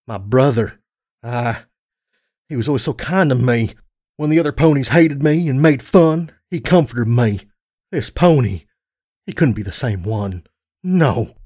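A man's voice: mid-range voice, animated, a little slow, pauses often, a little mellow. A man reading a fan story, voicing a hot-tempered young mare pony who pleads in a raised, anguished voice.

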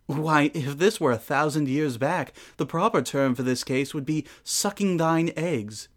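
A man's voice: a little high, unhurried, natural voice. A man voicing a regal, ancient female sun princess in a fan audio drama, with a refined, formal and dryly amused manner.

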